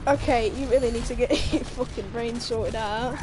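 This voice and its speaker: A young woman streamer reading out a news story while gaming, animated and sweary, laughing as she goes. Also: fairly high pitch, moderate pace. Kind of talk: casual commentary while gaming.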